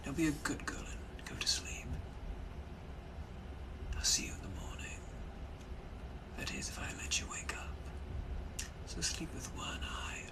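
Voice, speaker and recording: A man voicing a genteel, menacing British gentleman from the 1800s, in a whispered role-play with a silky, possessive, threatening manner. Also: mid-range voice, measured pace, noisy background, close to an everyday voice. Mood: whispered menace.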